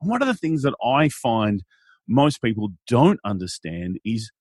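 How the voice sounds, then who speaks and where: Lively Australian man, husky voice. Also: medium pitch, a little slow, no room sound, clean studio sound. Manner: animated, playful, acts out quotes in silly voices. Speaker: guest, event MC. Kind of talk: conversational interview.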